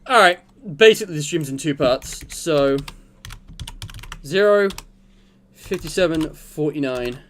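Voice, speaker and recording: A man's voice: a little high, animated, a little slow, pauses often, a little hiss or hum. A young man streaming a game, chatting casually and rambling in a jokey way to his viewers. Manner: rambling, jokey, talks to chat while playing. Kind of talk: casual gameplay chat.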